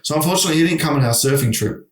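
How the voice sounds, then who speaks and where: A man's voice: fairly high pitch, racing, recorded from a distance. A middle-aged man, telling a long story in casual chat, with many restarts. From Australia. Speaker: guest. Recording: echoey room.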